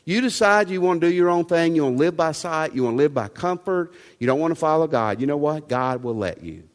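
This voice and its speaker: With lively intonation and a fairly quick pace, a male pastor's slightly high voice pushes each sermon point home through rhetorical questions, all ringing in the long reverb of a big sanctuary.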